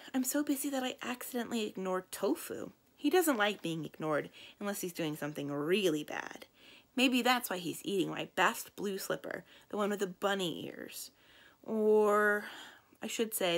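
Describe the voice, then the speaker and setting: Woman reading a kids' book out loud, super expressive, bit of vocal fry. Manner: lively, expressive storytelling with big swings in pitch and loudness. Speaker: librarian reading aloud. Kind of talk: reading a children's novel aloud.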